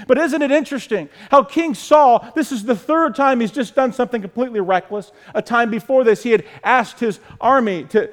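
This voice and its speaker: A man with a high voice delivers a sermon as pastor, repeating his key lines and pressing each point home. His voice carries a long reverb, as in a large hall. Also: a little fast, few pauses. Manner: preaching with repetition and rising emphasis.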